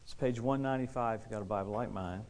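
A man preaching a lively sermon to a responding congregation, exuberant, laughing often and repeating key phrases for emphasis. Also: mid-range voice, quick pace. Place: church service with a responding congregation.

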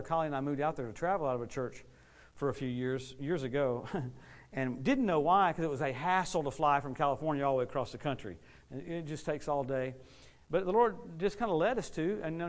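Fast-talking, animated male preacher. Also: on the high side. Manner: animated, quick storytelling with acted-out quotes and laughs. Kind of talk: storytelling sermon.

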